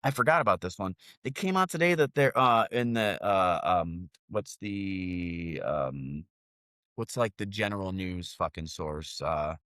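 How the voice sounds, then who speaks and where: A man's voice: low voice, expressive, unhurried, fairly bright tone, no room sound, clean studio sound. A man co-hosting a podcast, ranting profanely and mocking people with sarcastic voices, his sinuses stuffed and sniffling. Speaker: podcast co-host. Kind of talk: profane political rant. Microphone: separate remote mic.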